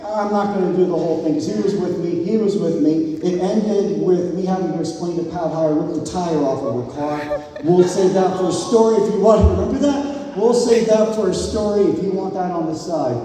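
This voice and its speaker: Older guy giving a wedding toast, rambly and sentimental, booming hall reverb, faint party noise. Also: fairly quick. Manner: rambling, joking, sentimental, shouts out crowd cheers. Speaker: wedding toast speaker, groom's friend. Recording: echoey hall, mic from a distance.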